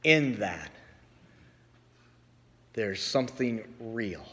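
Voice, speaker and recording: A man preaching a sermon as pastor, telling stories with voiced quotes and slow pauses. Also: lowish voice, very animated, pushed and bright. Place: church sanctuary. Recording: long church reverb.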